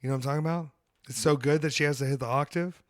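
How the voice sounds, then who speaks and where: A man hosting a podcast, chatting in a rambling comedic way and jumping into loud high outbursts. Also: fairly even intonation, very fast. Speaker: podcast host. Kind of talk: casual comedic chat.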